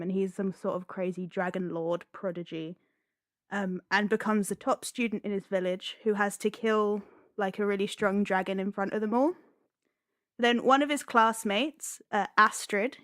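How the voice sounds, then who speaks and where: A woman's voice: medium pitch, dry recording. A young woman, a podcast guest, chatting casually and giggling often as she retells a story, with lots of "like" and "um". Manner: giggly, lots of "like" and "um", self-deprecating. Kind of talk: casual chat, retelling a film plot.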